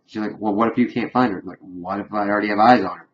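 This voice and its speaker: A man's voice: on the low side, steady tone, fast, dull audio. A man casually recapping a TV episode, retelling the scenes loosely with lots of fillers and quoting characters in his plain voice. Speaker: show reviewer.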